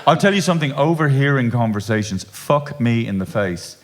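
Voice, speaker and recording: An Irish man hosting a live comedy podcast before an audience, with loud, sweary, sardonic banter. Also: medium pitch, expressive, brisk.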